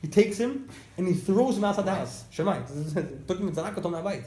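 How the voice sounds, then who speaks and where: Male class teacher, high voice, animated storyteller, echoey room. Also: normal speed. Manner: animated, storytelling, repeats phrases for emphasis. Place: indoor classroom with students. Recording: echoey room, faint background noise.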